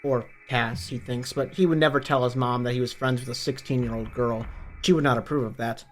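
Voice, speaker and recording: A man's voice: medium pitch, fairly even intonation, a little fast. Man recapping a novel's plot. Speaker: book reviewer. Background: faint background music.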